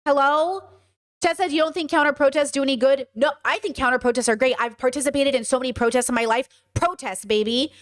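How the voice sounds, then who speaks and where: A woman's voice: high voice, quick pace. A woman hosting a live stream, reacting to protest footage with blunt, profane commentary that repeats points for emphasis. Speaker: host.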